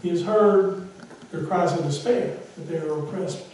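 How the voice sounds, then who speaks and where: A male pastor preaching a sermon with a conversational, self-deprecating manner, sometimes rising to loud emphasis. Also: fairly high pitch, normal speed, very echoey, distant mic, low-quality recording. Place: church sanctuary.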